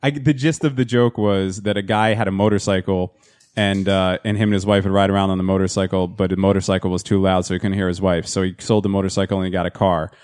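A man's voice: low-pitched, fairly even intonation, fast talker, a little mellow, clear, resonant tone, no room sound. A man chatting crudely with friends on a podcast, telling a long story with plenty of swearing. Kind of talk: casual chat.

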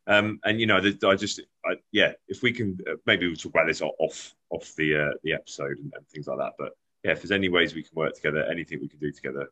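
A man hosting a podcast, talking in a halting, hesitant way over a video call. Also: rumbling low, fairly even intonation, bright, forceful tone. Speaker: podcast host. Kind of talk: casual interview chat.

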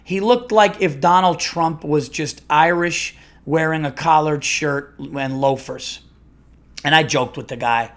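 A middle-aged man, a comedian hosting his own podcast, telling a long rambling story in a casual, animated way with restarts. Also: on the high side, unhurried.

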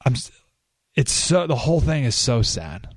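A man hosting a talk radio show, speaking casually but emphatically. He slows right down to stress his points and breaks into animated outbursts. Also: medium pitch, dry recording, clean studio sound. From San Diego area. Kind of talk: conversational talk radio monologue. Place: radio studio. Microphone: studio microphone.

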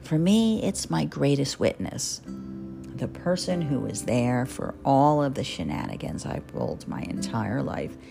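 With a deep, gravelly voice, this podcast host, a woman in her fifties from New Jersey, talks through a personal monologue that's candid, chatty and self-deprecating. Guitar music runs in the background.

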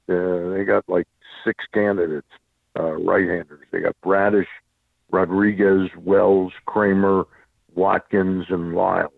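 Deep gravelly guy on a tinny phone line, rattles off opinions fast. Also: no echo. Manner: rapid, talks over the host. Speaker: weekly guest commentator. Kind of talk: casual sports chat. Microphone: phone call.

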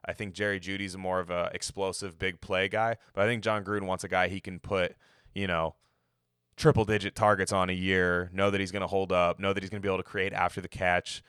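A man's voice: deep voice, little pitch movement, brisk, a bit bright, clean tone, no echo, studio quality. A man giving loose, profane, opinionated football draft takes in a casual podcast ramble. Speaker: NFL mock draft podcaster. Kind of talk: casual sports talk.

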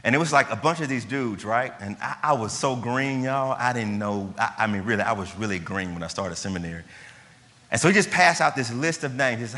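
A man's voice: medium pitch, expressive, fairly quick, pushed and bright. A man preaching a sermon, emphatic and conversational, asking his listeners questions. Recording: long hall reverb.

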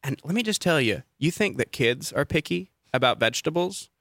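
Animated young man from Georgia. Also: on the high side, a little fast, no room sound, clean studio sound. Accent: neutralized Southern US. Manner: animated, playful, acts out quoted voices. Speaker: tour guide. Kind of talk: casual storytelling chat.

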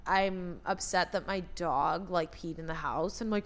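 A woman's voice: on the low side, a little slow. A young adult woman talking candidly in a casual chat. She swears freely and often acts out her own thoughts.

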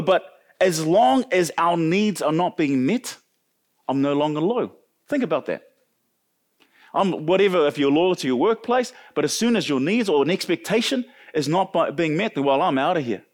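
A man delivers a sermon in a conversational, animated way. His voice sits a little high for a man, and he acts out the characters he quotes with sudden leaps in pitch. He often repeats and restarts his words as he goes. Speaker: pastor.

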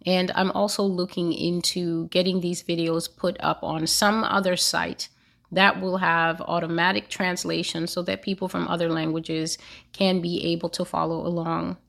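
A woman's voice: lowish voice, little pitch movement, normal speed, creaky, fairly bright tone. A woman hosting her own prophecy channel, preaching earnestly with a repetitive cadence. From United States. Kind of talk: spoken sermon to camera.

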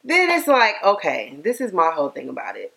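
A woman's voice: lowish voice, huge pitch swings, brisk, vocal fry, a bit bright. A young woman co-hosting a casual chat, chatty, full of rhetorical questions and "like". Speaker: podcast co-host.

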